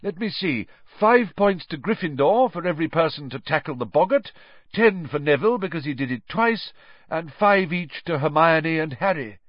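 A man's voice: fairly high pitch, animated, moderate pace, no echo, dull audio, voice pushed up. A man voicing a cheerful male teacher who calls out his students with eager commands. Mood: pleased.

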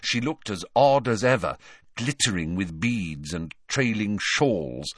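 A man narrating a novel as an audiobook in an expressive storytelling reading. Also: on the low side, takes it slowly, no room sound, studio quality. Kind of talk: scripted narration.

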